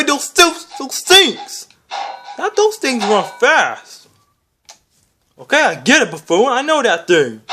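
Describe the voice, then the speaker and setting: A performer voicing a hot-tempered puppet hand who comments on a video game in character, yelling insults and exasperated questions. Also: sits high, exaggerated voice. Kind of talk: comedic gameplay commentary in character. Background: video game music.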